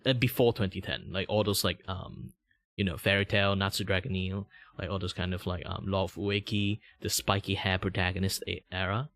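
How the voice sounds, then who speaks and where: A man in his thirties from Malaysia with a Malaysian English accent, chatting casually on a livestream in a rambling, meandering way with a deliberately raised tone. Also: low voice, flat delivery, fairly bright tone. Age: 30s. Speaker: VTuber streamer.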